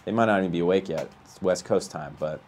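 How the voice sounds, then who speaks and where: A man plays a baseball video game live, chatting with viewers and ranting in a fast, darkish voice that climbs high whenever he gets outraged. It's live gameplay commentary mixed with chat.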